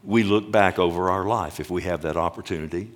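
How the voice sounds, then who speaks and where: A man preaching a sermon emphatically, often slowing down to stress words and calling out to his listeners directly. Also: sits low. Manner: emphatic, swings between loud and hushed, addresses the congregation directly. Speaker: pastor.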